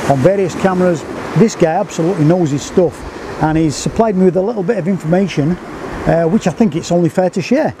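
A man's voice: high-pitched, noisy background. A man, an enthusiastic photography vlogger chatting about a favourite old camera outdoors. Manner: enthusiastic, chatty, reads notes verbatim. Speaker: photography YouTuber. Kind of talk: casual camera review vlog. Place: outdoors by the coast.

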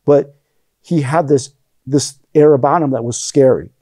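Man telling stories in a warm, dry voice. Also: mid-range voice, a little slow, no echo. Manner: rambling anecdotes, acts out quoted lines. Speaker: interview guest, aikido teacher. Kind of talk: casual storytelling interview.

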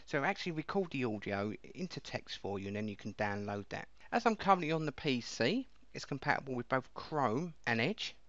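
A man casually walking viewers through a piece of software step by step, in a chatty explaining way. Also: mid-range voice, no echo. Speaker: software reviewer. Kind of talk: casual screen-recording walkthrough. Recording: dull lo-fi dry mic.

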